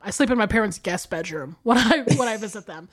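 A woman in her thirties co-hosting a casual movie podcast, animated and profane, laughing often. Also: medium pitch, fairly quick. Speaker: podcast co-host.

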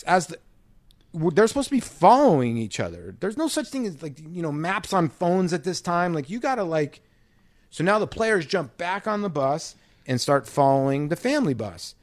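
A man's voice: sits high, normal speed, dry recording. Dry-voiced man telling a wild story. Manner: animated, profane anecdote-telling with quoted voices. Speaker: podcast co-host, former pro ballplayer. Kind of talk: casual storytelling chat.

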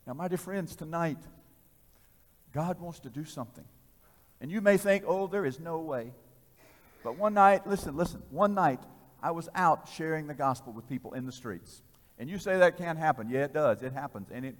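A man preaching a storytelling sermon, dramatic, swinging between loud bursts and hushed passages. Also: fairly high pitch. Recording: reverberant hall.

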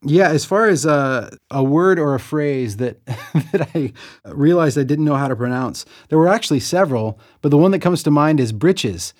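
Speaking at a moderate pace with lively intonation and a fairly high pitch, a middle-aged man from the American South reflects in an interview monologue on recording his audiobook. The author is chatty and self-deprecating, laughing a little, and the studio-quality recording has no room sound.

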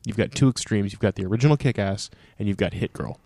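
A man's voice: lowish voice, fast talker, dark tone, dry recording, studio quality. A man in casual podcast chat, earnestly arguing his point about a comic book. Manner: earnest, defends his view.

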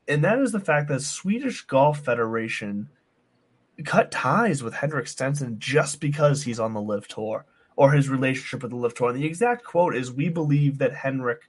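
A man co-hosting a sports podcast in casual chat, teasing and laughing easily. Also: mid-range voice. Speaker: podcast co-host.

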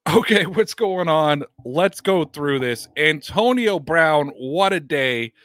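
A man's voice: a little high, slow, no room sound. A man hosting a sports podcast, chatting casually about football news, reading statements aloud and asking rhetorical questions. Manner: animated, reads quotes aloud, rhetorical questions.

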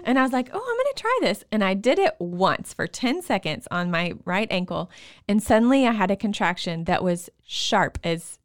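A woman telling her birth stories on a podcast in a playful, expressive way. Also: mid-range voice, normal speed. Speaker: podcast guest, mother. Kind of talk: casual podcast chat.

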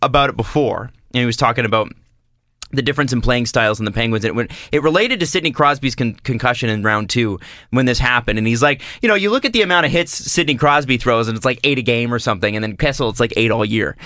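A man's voice: medium pitch, pushed and bright, dry recording, studio quality. A man co-hosting a hockey podcast, thinking aloud with frequent restarts in casual analysis. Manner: hesitant, restarts, measured analysis. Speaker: podcast co-host. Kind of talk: casual sports chat.

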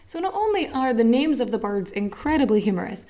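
An Irish woman hosts a podcast, recounting a history story in a chatty, wry style packed with swearing and asides. Her voice is a little high and sing-song with a dark tone, and she talks fairly quickly.

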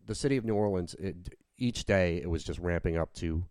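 A podcast host who also works as a cover-band musician chats casually in a deep, dark, mellow voice, speaking a little fast. He rambles, circles back, and restarts sentences with plenty of fillers, and the recording is dry and close with no room sound.

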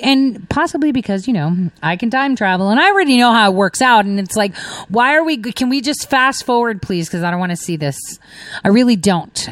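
A woman's voice: mid-range voice, no room sound. A woman hosting her own commentary video, talking in a sarcastic, ranting way with scornful laughs. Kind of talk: casual monologue reacting to news clips.

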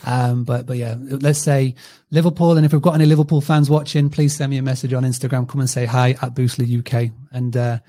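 A man's voice: mid-range voice, little pitch movement, brisk, mellow. A man from northern England with a mixed accent, a podcast guest chatting casually, laughing and restarting his sentences. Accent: Northern English, mixed. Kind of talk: casual interview chat.

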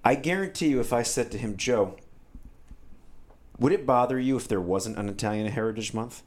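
A man's voice: mid-range voice, moderate pace, darkish tone. A man co-hosting a casual talk show, wry and chiming in with short replies and asides. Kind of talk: casual banter.

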